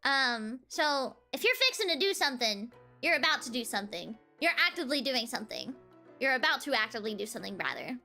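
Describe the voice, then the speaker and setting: A woman's voice: on the high side, big pitch swings, fairly quick, creaky, bright, forceful tone, soft background music. A young woman, streaming and chatting casually, giggling often between phrases. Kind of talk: casual livestream chat.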